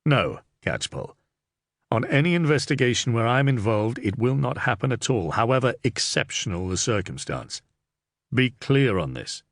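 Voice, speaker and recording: A man voicing a serious, upright young under-sheriff who speaks in a measured, stern way in an audiobook. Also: medium pitch, big pitch swings, vocal fry, no room sound, clean studio sound, heavily acted.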